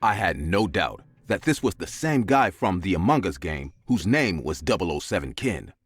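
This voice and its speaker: A man's voice: big pitch swings, normal speed, breathy edge, no room sound. A man narrating a scary story in a dramatic scripted style. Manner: dramatic, with big swings of pitch.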